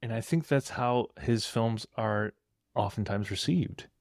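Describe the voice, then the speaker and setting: A young man co-hosting a casual podcast chat, laid-back and hesitant, often pausing mid-sentence. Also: mid-range voice, creaky, a little mellow, dry recording, clean studio sound. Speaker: podcast co-host.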